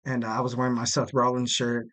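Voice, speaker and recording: He talks fast in a mid-range, slightly bright voice, though his delivery is completely flat. This young West Coast American runs a solo wrestling podcast, chatting casually, joking around, rambling and leaning heavily on fillers.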